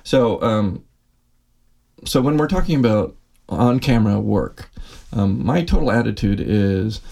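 Gravelly-voiced chatty man. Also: on the low side, expressive, measured pace, mellow. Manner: chatty, laughs often, acts out quotes. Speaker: actor and podcast guest. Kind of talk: casual conversation.

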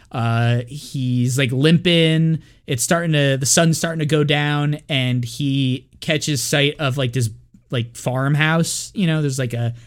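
Easygoing man recapping a film. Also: fairly high pitch. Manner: relaxed, rambling, lots of fillers. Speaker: podcast co-host. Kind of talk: casual movie recap chat.

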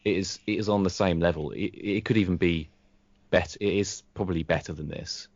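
A man's voice: low voice, a little fast, dry recording. A British man chatting casually about a TV show as a podcast co-host, enthusiastic and often repeating words while he finds them. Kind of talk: casual chat reviewing a TV show. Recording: dry, dull lo-fi audio.

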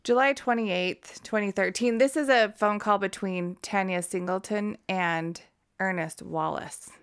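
A woman's voice: medium pitch, measured pace, clean tone. A woman co-hosting a podcast in casual chat, laughing often, swearing freely and reading transcripts aloud. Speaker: podcast co-host.

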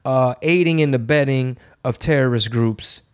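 A man's voice: mid-range voice, normal speed, smooth. Sarcastic man ranting on a podcast. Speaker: podcast host. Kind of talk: casual chat.

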